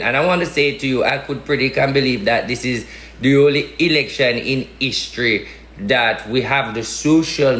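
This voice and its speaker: A man's voice: mid-range voice, fairly bright tone, roomy sound, a little hiss or hum. A man from Jamaica with a Jamaican Patois accent, giving a casual political rant with emphatic, repetitive, slangy talk. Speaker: political commentator.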